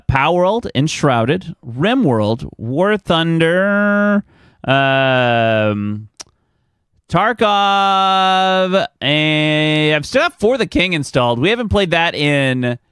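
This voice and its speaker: A man chatting live with his viewers, his voice sitting a bit high for a man. He rambles through family stories and chuckles as he goes. The sound is dry and close, with no room echo. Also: animated, extremely slow, a bit bright, clean tone. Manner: rambling storyteller, chuckles often. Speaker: streamer. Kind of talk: casual chat with live chat.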